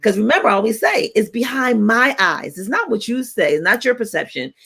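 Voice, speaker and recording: A woman in her forties, co-hosting a radio talk show and telling stories in a playful, animated way. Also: on the high side, fairly quick, vocal fry, slightly rough. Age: 40s. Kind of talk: casual chat.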